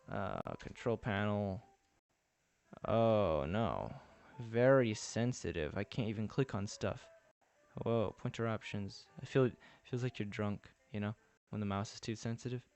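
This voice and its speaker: A man's voice: on the low side, darkish tone, clear, resonant tone. A man with a Texan accent chatting casually on a live stream, rambling and thinking aloud as he builds and answers viewers.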